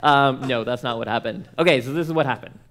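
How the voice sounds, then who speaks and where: A man's voice: medium pitch, quick pace, fairly bright tone, a little hiss or hum. A young man, speaking at a workshop and telling comic personal stories in a playful, self-mocking way, acting out the dialogue.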